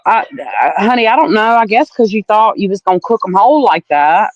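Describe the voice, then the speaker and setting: A Southern woman with an Alabama accent talks straight to her livestream viewers, blunt and salty, calling everyone honey. Her voice sits in a mid range. The sound is dry and a little dull, like a low-fi setup. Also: expressive, a little fast, no echo. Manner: chatty, blunt and salty, calls people honey. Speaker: livestream host. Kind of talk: casual livestream chat with viewers.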